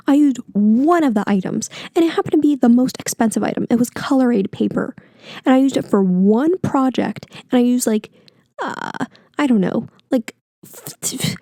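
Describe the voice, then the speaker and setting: Chatty young woman podcaster, mellow tone. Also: on the high side, no room sound, clean studio sound. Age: 20s. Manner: chatty, rambling, gets heated and swears. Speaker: podcast host. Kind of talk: casual solo podcast chat. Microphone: close podcast mic.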